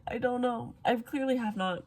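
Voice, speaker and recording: A young woman in her twenties chatting casually in a reading vlog, excitable and gushing, laughing often and tearful from crying. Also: a little high, normal speed. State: tearful, having just cried. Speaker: book vlogger.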